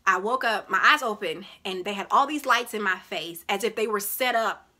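A woman vlogger recounting a personal story with an emotional, animated delivery. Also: medium pitch, moderate pace. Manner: animated, reliving events in a rising voice. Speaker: vlogger recounting her childbirth.

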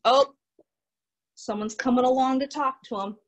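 A young woman with a Midwestern American lilt leads a children's storytime over a video call, reading a picture book aloud. Her voice sits a little high, and she keeps it animated and encouraging, coaxing the kids to join in. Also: moderate pace, a little hiss or hum, rough recording. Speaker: art teacher.

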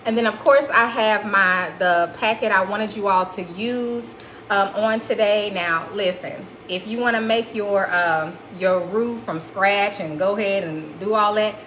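Lady doing a live cooking demo at home, folksy, keeps saying honey, bright voice. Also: medium pitch, measured pace, slight background noise, low-quality recording. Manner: folksy, chatty, calls viewers honey and y'all. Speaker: cooking show host. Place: home kitchen.

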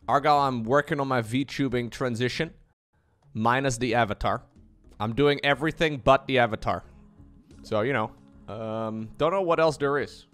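A man chatting casually and jokingly on his live stream, animated and playful. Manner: joking, animated, with playful high-pitched squeals.

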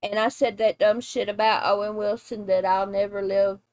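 A middle-aged mother hosting a casual reaction video, blunt and animated and quick to laugh. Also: mid-range voice, dry recording, studio quality. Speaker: reaction channel host, mother.

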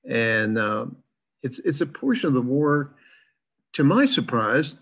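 Older guy from the south, sounds kinda midwestern, husky voice, rambly online class lecture. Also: mid-range voice, very animated, a little slow, a bit bright, low-quality recording. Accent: plain Midwestern-sounding American. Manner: chatty, rambling with many fillers.

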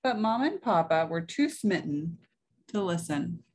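Slow, expressive woman reading a storybook. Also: lowish voice. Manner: gentle, explains words to young listeners. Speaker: story reader for children at church. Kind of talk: reading a picture book aloud.

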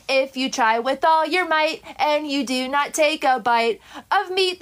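Woman, very high voice, slow delivery; indignant live streamer who scolds her chat and sings simple made-up tunes. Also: fairly bright tone. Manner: scolding, indignant, sing-song.

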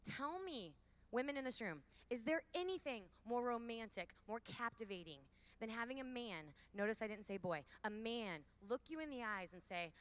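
A woman in her thirties giving a lively faith talk to a large hall of women, with call-and-response. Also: a little high, normal speed. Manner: lively, preachy, calls for audience repeats. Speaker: conference speaker.

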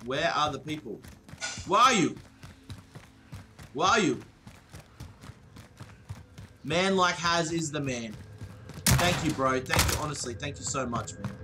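A young Australian man live-streaming a shooter game, excitable, swearing and thanking viewers again and again. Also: on the high side, unhurried, long pauses. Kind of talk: live-streamed gameplay chat. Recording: noisy game stream with clicks.

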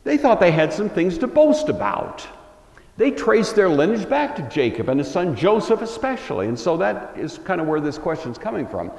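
A man's voice: high-pitched, very animated, moderate pace, creaky, a little mellow. Bible lecturer man in echoey hall. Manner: conversational, thoughtful, many uh fillers. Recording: roomy hall with long echo.

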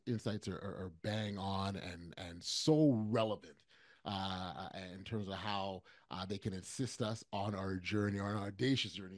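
A man's voice: on the low side, a little mellow, no room sound, studio quality. A man hosting a podcast, enthusiastic and affirming, often stumbling over his words. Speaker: podcast host. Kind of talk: casual interview chat.

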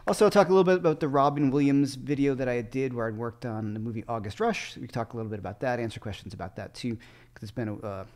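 A man's voice: mid-range voice, fast, a little mellow. A man who teaches guitar, chatting casually on a livestream with loose, rambling asides.

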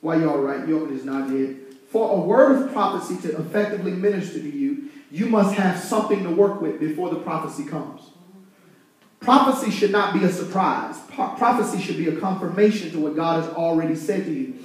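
High-voiced pastor preaching in an echoey church. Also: male voice, fairly quick. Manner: fired-up, conversational preaching with call-and-response. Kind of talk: sermon. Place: church sanctuary. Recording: echoey room, from far off.

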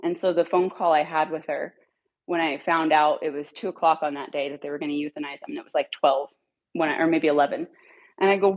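Woman, dog rescuer, low voice, slightly husky, blunt, heated, swears freely, candid storytelling. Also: steady tone, fast, highs cut off.

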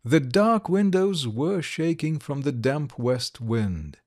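A man reading a classic short story aloud slowly and clearly for English learners. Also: fairly high pitch, expressive, a little mellow, no echo, studio quality. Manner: slow, deliberate, clear reading. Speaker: narrator.

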